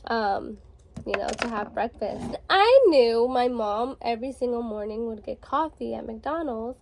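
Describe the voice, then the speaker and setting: Chatty young woman with a higher voice. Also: gravelly, darkish tone. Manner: chatty, rambling, filler-heavy with frequent "like". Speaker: vlogger. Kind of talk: casual storytelling while getting ready.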